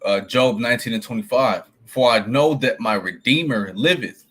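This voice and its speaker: A man reading scripture verses aloud slowly and deliberately for a study group. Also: mid-range voice, fairly bright tone, breathy edge. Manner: slow, deliberate reading of King James verses. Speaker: scripture reader.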